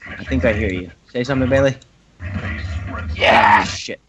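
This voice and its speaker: Male podcast co-host, laid-back, swearing, loud hiss under his voice. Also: mid-range voice, racing. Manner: laid-back, curses freely. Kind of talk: casual chat.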